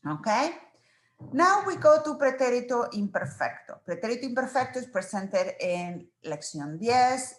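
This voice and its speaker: A woman's voice: fairly high pitch, big pitch swings, normal speed, reverberant. A woman teaching a Spanish exam review, patiently spelling out verb forms one at a time and checking in with students.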